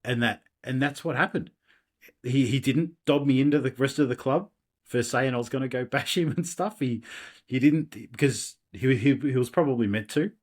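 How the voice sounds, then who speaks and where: A man's voice: medium pitch, normal speed. A middle-aged man, a podcast guest, candidly telling his life story in a rambling way with many restarts. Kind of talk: personal storytelling in an interview.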